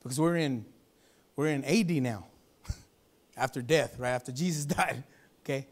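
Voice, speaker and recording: A male pastor preaching at a church service, swinging from loud exhortation to softer speech and calling out to the congregation for a response. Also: mid-range voice, a little slow. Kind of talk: sermon.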